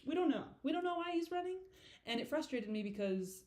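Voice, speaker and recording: A woman's voice: sits high, animated, a little fast, a little mellow, slight background noise. A woman giving a casual director's commentary on her own video, rambling, giggling and swearing freely.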